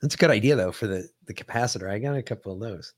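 A man's voice: on the low side, very fast, dry recording, clean studio sound. A man hosting a podcast in casual chat, rambling and profane as he tells stories. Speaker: podcast host.

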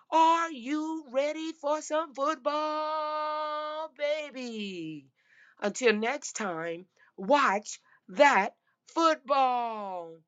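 A woman hosting a casual football talk show, emphatic and folksy, her voice going hoarse. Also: a little high, lo-fi sound. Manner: emphatic, repeats "I'm telling you" and "baby". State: losing her voice. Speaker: sports podcast host.

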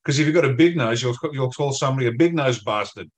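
A man's voice: mid-range voice, quick pace. An Australian man in an interview, blunt and emphatic, telling pub-style stories in colloquial language. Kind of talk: interview discussion.

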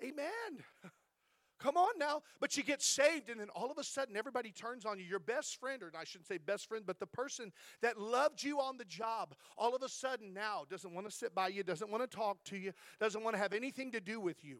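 A man's voice: very high voice, lively intonation, a little fast, a bit bright, dry recording, studio quality. A male pastor preaching a fervent sermon in church, sprinkling in amens and rising to impassioned stretches.

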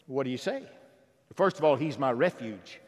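A man preaching a sermon who swings from loud exhortation to hushed, intimate asides. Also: medium pitch, expressive, moderate pace, long reverb tail.

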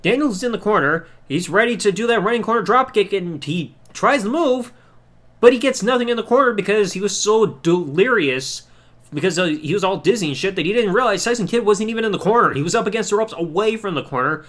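Male podcast host, high voice, casual profane recap. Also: animated, fairly quick, a bit bright. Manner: loose, profane play-by-play recap. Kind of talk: casual wrestling show review.

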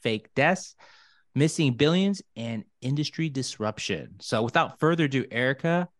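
A man's voice: mid-range voice, moderate pace, no room sound. Upbeat male podcast host, dry sound. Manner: energetic, friendly banter. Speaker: podcast host, wealth manager.

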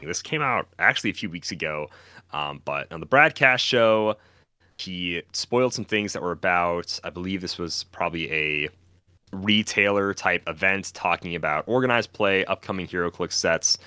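Podcast co-host, man, low bright voice, rambling chatty delivery, dry close mic. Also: normal speed, clean tone, no room sound. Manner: rambling, animated storytelling with acted-out quotes. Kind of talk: casual chat.

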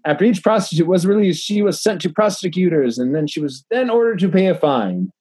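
Husky tipsy man reading news. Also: high voice, sing-song, brisk, darkish tone, no echo. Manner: rambling, swears a lot, frequent restarts. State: tipsy from drinking. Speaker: podcast co-host reading news stories. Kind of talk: casual profane banter, reading articles aloud.

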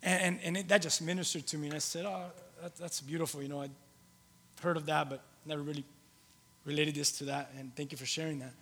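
A male pastor preaching a sermon, shifting between loud emphatic lines and soft, low storytelling, with halting restarts and repeated phrases. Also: fairly even intonation. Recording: long hall reverb.

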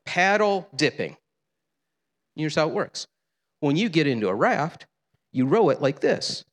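A man's voice: on the high side, big pitch swings, a little slow. A male pastor preaching a sermon in a conversational, humorous way in a church sanctuary. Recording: long reverb of a large hall.

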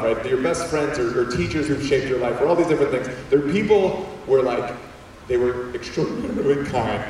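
Man, storytelling to students, animated, higher pitch, booming hall echo, distant mic, faint room noise. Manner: animated, acts out voices, repeats words. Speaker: speaker addressing students. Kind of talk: storytelling talk to an audience. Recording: echoey hall from far off.

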